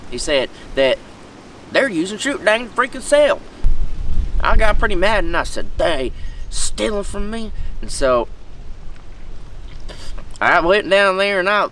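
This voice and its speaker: A man's voice: a little high, a bit bright, distant mic, a little hiss or hum, rough recording. A man playing an aggrieved, rambling redneck in a comedic monologue, with a tobacco dip in his mouth. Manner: rambling, folksy, loses his thread.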